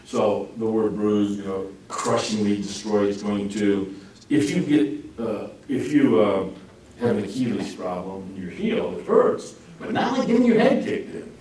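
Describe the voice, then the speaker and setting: A man giving an informal Bible class, joking and acting out quotes in lively swings of voice. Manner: jokey, animated, acts out quotes with lively pitch swings. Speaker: Bible teacher. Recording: roomy echo, speaker far from mic, faint noise.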